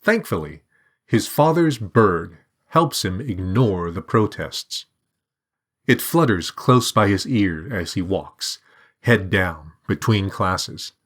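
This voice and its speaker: Slow, low-voiced male story narrator. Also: lively intonation, slightly rough. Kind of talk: scripted narration.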